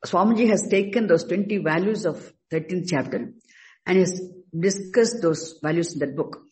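A man teaching a scripture class, speaking haltingly and stressing key words slowly. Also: high voice, low-quality recording. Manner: halting, restarts words, slow emphatic stresses. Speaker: Vedanta teacher.

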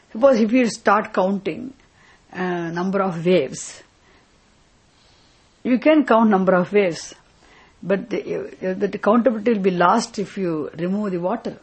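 A woman's voice: medium pitch, measured pace, pauses often, a little mellow, slightly rough, low-quality recording. A woman teaching a scripture class, asking questions, repeating her points and checking with "isn't it?". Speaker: spiritual teacher.

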